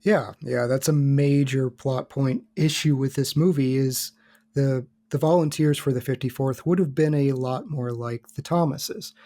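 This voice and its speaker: A man appearing as a guest on a podcast, explaining history in a measured, steady way. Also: medium pitch. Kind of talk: casual podcast discussion.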